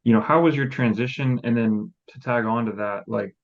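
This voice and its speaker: A man hosting a podcast, asking questions in a relaxed, loose way. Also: medium pitch, moderate pace, muffled recording. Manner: relaxed, loose phrasing with fillers. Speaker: podcast host. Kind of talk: casual interview questions.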